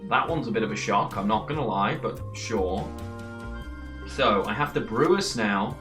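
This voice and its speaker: A man's voice: fairly low pitch, expressive, moderate pace, music in the background. Chatty man streaming a card game. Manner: chatty, rambling, answers chat between plays. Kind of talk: casual gameplay commentary.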